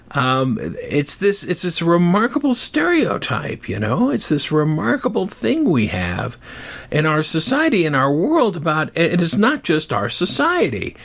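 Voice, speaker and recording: Husky older man telling a rambling story. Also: fairly high pitch. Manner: rambling, digressive, animated. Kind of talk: casual storytelling.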